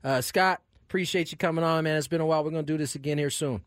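A male sports radio host talking in a casual, easygoing way that is quick to laugh. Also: on the high side, no room sound, studio quality.

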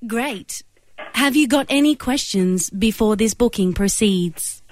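A woman's voice: a little high, a little mellow, slight background noise, close to an everyday voice. A woman putting on a stilted automated operator. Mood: stilted robotic. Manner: slow, stilted, evenly paced robotic delivery. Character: flat female automated phone system voice. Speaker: radio prank caller.

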